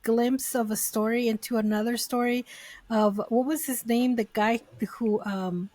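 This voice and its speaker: A woman's voice: fairly high pitch, fairly even intonation, a little slow, darkish tone, no echo. A woman co-hosting a podcast, chatting casually about comics with many fillers and restarts, and dropping in Spanish words. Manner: drops Spanish words into English. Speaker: podcast co-host.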